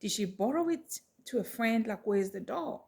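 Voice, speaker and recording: A middle-aged woman telling a personal story to her viewers in a chatty, animated way. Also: on the high side, moderate pace, gravelly. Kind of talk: casual storytelling to camera.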